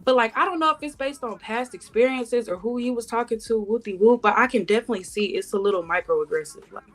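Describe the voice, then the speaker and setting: A woman's voice: on the high side, quick pace, a bit bright. A woman panelist on a podcast, speaking bluntly and passionately in slangy casual talk. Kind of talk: heated podcast debate. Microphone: studio podcast mic.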